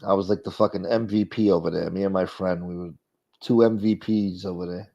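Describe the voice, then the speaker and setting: Speaking fairly quickly in a low, warm voice with vocal fry and a steady tone, a middle-aged man hosts a live stream. He reads chat and reacts with casual profanity. The recording is dull and lo-fi.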